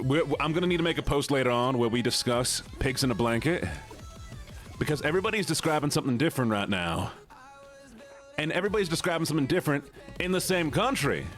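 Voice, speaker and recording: Animated young man streamer chatting. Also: a little high. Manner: animated, laughs often, reacts to chat. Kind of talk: casual livestream chat reading.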